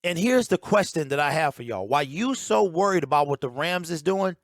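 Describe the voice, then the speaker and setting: A man's voice: a little high, lively intonation, moderate pace, no room sound, clean studio sound. Emphatic ranting sports-talk man. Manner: emphatic, ranting, repeats key points. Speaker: sports commentator.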